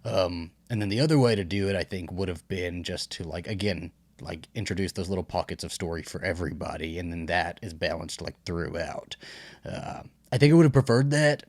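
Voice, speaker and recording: A man co-hosting a podcast in relaxed, casual chat, hedging with fillers. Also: deep voice, brisk, no room sound. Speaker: podcast co-host.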